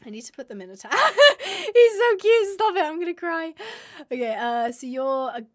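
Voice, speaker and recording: A woman's voice: sits high, animated, brisk. A young woman streaming a game live, chatting to viewers and gushing and squealing over cute animals.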